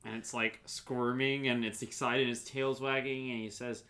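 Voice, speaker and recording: A man's voice: mid-range voice, normal speed. A man narrating as game master in a tabletop role-play session, telling the scene vividly. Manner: animated, vivid storytelling.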